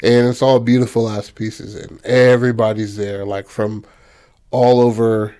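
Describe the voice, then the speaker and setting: A man's voice: fairly low pitch, little pitch movement, unhurried, mellow. A man hosting a podcast, retelling a film in loose, slangy casual chat full of fillers. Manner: loose and slangy, heavy on fillers like "you know".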